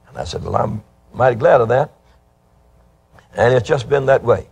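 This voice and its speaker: An older man preaching a sermon with emphatic, drawn-out delivery, reading scripture aloud. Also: medium pitch, expressive, creaky, husky.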